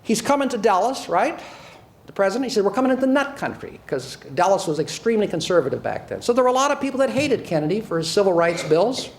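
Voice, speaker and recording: High-voiced, sarcastic older American man. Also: very animated, quick pace, slight background noise. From United States. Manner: sarcastic and emphatic, with frequent repeats and restarts. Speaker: former prosecutor and author giving a talk. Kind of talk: speech to an audience.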